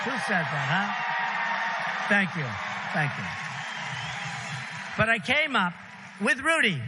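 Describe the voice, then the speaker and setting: A man's voice: high-pitched, sharp tone, big-room sound, slight background noise. Brash man giving a rally speech. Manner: rambling, repetitive, punchy asides to crowd. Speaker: political candidate. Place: large rally venue.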